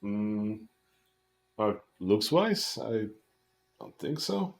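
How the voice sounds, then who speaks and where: A man with a lowish voice talks slowly and lazily while playing a tabletop game. He keeps his answers brief and laid-back. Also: sing-song, gravelly. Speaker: player. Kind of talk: casual chat during a tabletop game.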